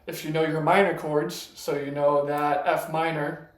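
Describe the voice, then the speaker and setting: A man with a slightly high voice gives a relaxed, step-by-step piano lesson and counts notes out loud. The room is echoey. Piano notes ring out clearly between his lines. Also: normal speed. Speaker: piano teacher.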